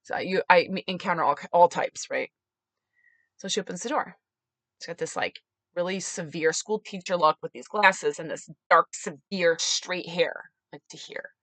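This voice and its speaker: Woman, podcast host, bright voice, dry close mic, animated storytelling, acts out voices. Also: normal speed, dry recording. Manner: animated, acts out quoted voices with big pitch jumps and laughs. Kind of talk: casual storytelling monologue.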